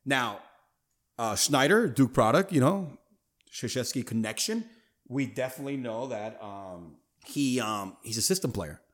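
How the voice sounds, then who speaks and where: Animated man hosting a sports talk show. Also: medium pitch, a little slow. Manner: animated, emphatic, street slang. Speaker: podcast host.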